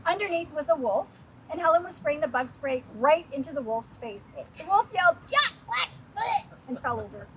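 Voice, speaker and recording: A Canadian woman, a librarian storyteller, reading a picture book aloud outdoors with animated asides. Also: high voice, a little fast, few pauses. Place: outdoors, windy. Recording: loud outdoor wind noise.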